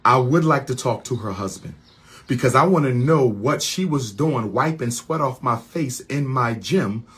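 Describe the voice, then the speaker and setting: A man delivering a heated monologue rant on his own channel, repeating lines in a preacher-like cadence and swinging from low mutters to loud, high questions. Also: lively intonation, moderate pace, husky.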